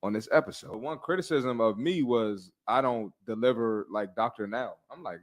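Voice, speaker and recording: A young adult man hosting a casual fitness podcast, blunt and animated, slangy and quick to laugh. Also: medium pitch.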